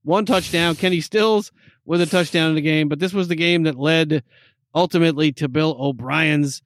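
A man with a fairly high voice co-hosts a casual football talk show. He reels off scores and stats in quick bursts and laughs easily. His voice sits close and dry on the mic. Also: fairly even intonation, no room sound. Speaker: podcast co-host. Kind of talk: casual sports chat.

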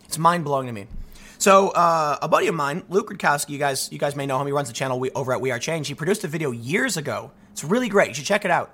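An American man in his young adult years rants alone on his own channel, animated and restless, frequently restarting sentences. His voice sits on the high side and he talks fast.

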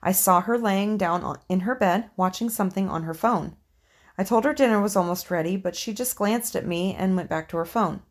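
A woman reading listener ghost stories on a podcast in a relaxed, chatty way. She swears offhandedly and laughs easily with her co-host. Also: medium pitch, a little fast. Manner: swears casually, laughs often. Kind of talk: casual podcast chat and story reading.

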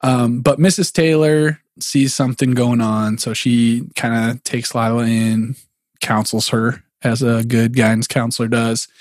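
A man's voice: medium pitch, steady tone, unhurried, no echo, studio quality. A man co-hosting a podcast, recapping an episode in a wry, laughing way. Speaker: podcast co-host.

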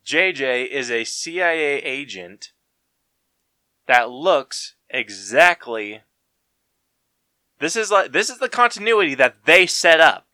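Male podcast co-host, unhurried slangy rambler, dry close mic. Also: on the high side, big pitch swings, bright, forceful tone, dry recording. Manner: rambling, laid-back, full of fillers and slang. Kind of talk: casual chat.

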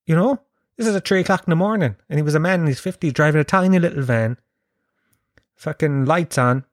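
A man's voice: a little high, a little fast, no room sound, studio quality. An Irish man in his thirties hosting a podcast, telling rambling, sweary, self-mocking stories. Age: 30s. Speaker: podcast host. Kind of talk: casual comic storytelling monologue.

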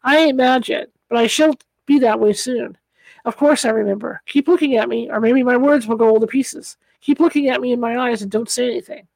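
A woman's voice: a little high, fairly quick, creaky, a little mellow, no room sound, rough recording. A woman reading an audiobook, voicing a broken, ragged old male adventurer who pleads and falters. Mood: desperate.

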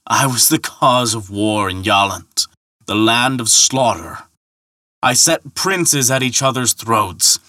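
A man's voice: mid-range voice, takes it slowly, bright, forceful tone, dry recording, studio quality. A man doing a sly, jeering old ferryman. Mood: taunting. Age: older. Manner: taunting, scathing and smooth. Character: sly mocking old gray-bearded ferryman.

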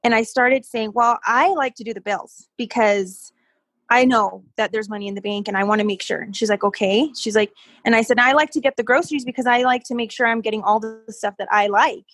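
A woman guest telling a personal story in casual conversation, animated and quick to laugh, often repeating words as she gets going. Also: on the high side, no room sound. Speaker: podcast guest.

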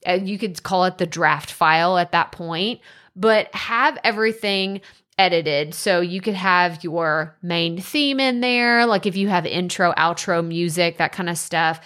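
A woman's voice: on the low side, unhurried, a bit bright. A woman podcast host giving casual advice in a chatty way, with many filler words like "like" and "so".

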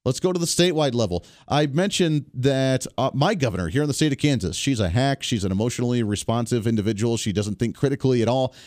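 A man's voice: mid-range voice, fast talker, few pauses, a little mellow, no room sound. A man hosting a talk radio show, giving blunt, opinionated, emphatic political commentary from a studio.

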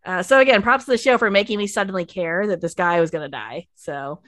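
A woman hosting a casual podcast, recapping a TV episode and acting out the characters' lines in an animated way. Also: on the low side, fast talker, dry recording. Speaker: podcast host.

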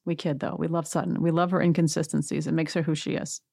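A woman's voice: deep voice, level tone, fast, creaky, mellow, dry recording, studio quality. A woman hosting a podcast, recapping reality TV in a chatty, gossipy, wry way. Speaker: podcast host.

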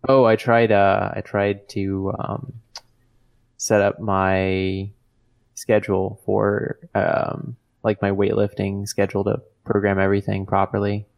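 A man's voice: lowish voice, completely flat delivery, measured pace, gravelly. A man co-hosting a podcast, chatting casually in rambling sentences full of "like". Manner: rambling, heavy on "like" fillers. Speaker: podcast co-host.

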